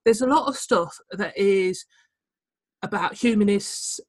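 A woman's voice: mid-range voice, a little slow, dry recording. Upbeat Birmingham woman hosting a podcast. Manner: lively, upbeat, chatty. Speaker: podcast host, celebrant. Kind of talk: casual podcast interview.

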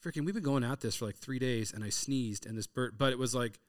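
A man's voice: mid-range voice, fast, dry recording, clean studio sound. A man in his thirties, hosting a casual chat and telling hunting stories full of quoted dialogue. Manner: storytelling, animated retelling of hunting anecdotes with quoted dialogue. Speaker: podcast host.

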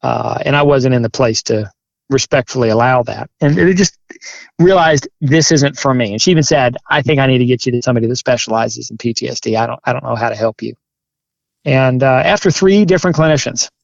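A man who is a firefighter and chaplain, telling his story candidly in an interview, earnest and halting, growing emphatic. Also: mid-range voice, fairly even intonation, creaky, no echo, lo-fi sound. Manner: earnest, halting restarts, grows forceful and emphatic.

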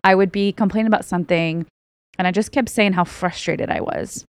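A woman's voice: fairly low pitch, steady tone, fairly quick, clear, resonant tone, dry recording. A woman co-hosting a church podcast, talking in an earnest, chatty way with lots of fillers. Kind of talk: casual chat.

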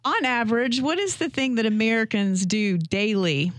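A playful woman co-host quizzes the others with trivia in a mid-pitched voice. The sound is close and dry. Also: sing-song, moderate pace, no echo. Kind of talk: casual radio talk show.

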